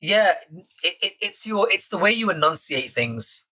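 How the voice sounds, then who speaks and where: A man's voice: high voice, sing-song, normal speed, bright, forceful tone. A young man with a London accent hosting a live stream chat, casually swearing and teasing the viewers in his chat.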